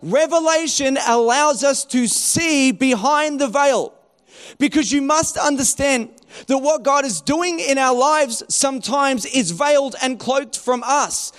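A man's voice: very high voice, unhurried, a bit bright. A man preaching a sermon in a conversational way, asking rhetorical questions and restarting his phrases. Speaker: pastor.

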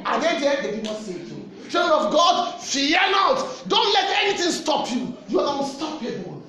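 A Nigerian man preaching a sermon with fervent, animated delivery and shouted refrains. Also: very high-pitched, moderate pace, echoey room.

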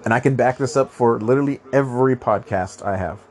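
A man's voice: mid-range voice, fairly quick, a little mellow, slight background noise. Man, podcast host, nasal voice, rambling, profane, lots of restarts. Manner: rambling, swears a lot, many restarts. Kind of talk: profane monologue.

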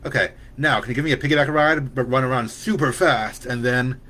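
A man voicing an eager little boy with superpowers who gets excited and whines when told no. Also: mid-range voice, a little fast.

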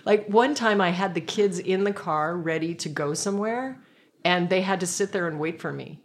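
A woman guest in a relaxed conversation, telling a personal story in a reflective, meandering way with frequent restarts. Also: on the low side, normal speed.

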